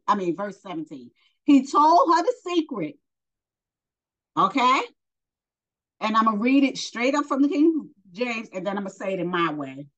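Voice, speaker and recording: A woman's voice: medium pitch, low-quality recording. A woman from New York giving a Bible lesson, reading verses and then retelling them in blunt everyday slang, asking the listener questions and answering them herself. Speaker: Bible teacher.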